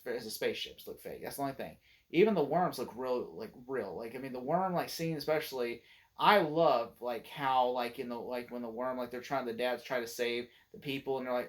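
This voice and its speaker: Rambling, excitable male movie reviewer. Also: medium pitch. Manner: rambling, many filler words and restarts, excited retelling of scenes. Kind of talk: casual spoken movie review.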